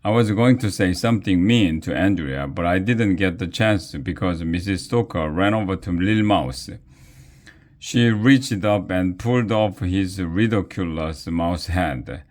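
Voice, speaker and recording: Man, deep low voice, unhurried, playful storybook reading. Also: a little mellow. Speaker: reader of a children's book. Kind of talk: reading a children's story aloud.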